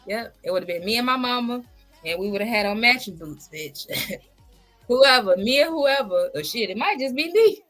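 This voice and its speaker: A woman's voice: a little high, animated, normal speed, a bit bright, soft background music. A woman hosting a reaction channel, trading blunt, sassy trash talk with plenty of laughs. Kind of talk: casual reaction commentary.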